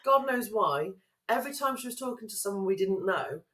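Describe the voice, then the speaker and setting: A woman's voice: medium pitch, lively intonation, a little fast, a bit bright, slight background noise. Teasing woman, echoey room. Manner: teasing storyteller, sweary. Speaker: podcast co-host. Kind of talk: casual chat.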